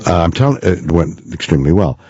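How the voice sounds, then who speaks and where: A man, an actor, telling a story as a guest on a radio talk show, deliberate and full of pauses and fillers. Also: deep voice, expressive, mellow, husky, no room sound. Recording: dry, dull lo-fi studio audio.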